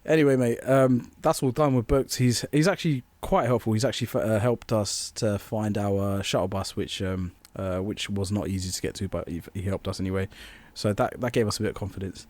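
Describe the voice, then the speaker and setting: A man's voice: on the low side, steady tone, brisk, hardly any pauses, darkish tone. A young man co-hosting a podcast, rambling through an anecdote and acting out quoted voices. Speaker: podcast co-host. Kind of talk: casual storytelling chat.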